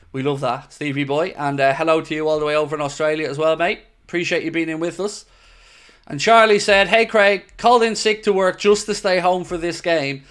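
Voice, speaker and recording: A man's voice: a little high, a bit bright, clear, resonant tone. A young Irish man hosting a football watchalong stream, chatting casually and reading out viewer comments. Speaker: watchalong host.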